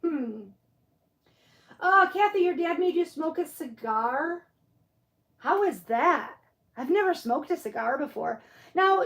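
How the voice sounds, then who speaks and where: A woman's voice: high-pitched, fairly bright tone, roomy sound. A middle-aged woman from Michigan with a Michigan accent, chatting casually with viewers on a craft livestream. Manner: chatty, answers viewer comments, muses aloud. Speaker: livestream crafter reading chat. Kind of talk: casual live-stream chat.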